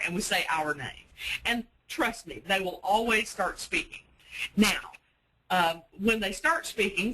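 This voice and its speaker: A woman's voice: mid-range voice, pushed and bright, poor audio. A woman giving a sales-training webinar for self-storage managers, speaking in a practical, coaching way with frequent fillers. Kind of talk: webinar presentation.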